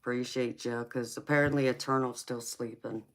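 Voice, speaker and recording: This tarot reader and livestream host is a middle-aged Californian with a Southern accent, chatting, reading viewer comments, and laughing often as she calls people honey and sweetheart. Her very deep voice holds a steady tone at a moderate pace.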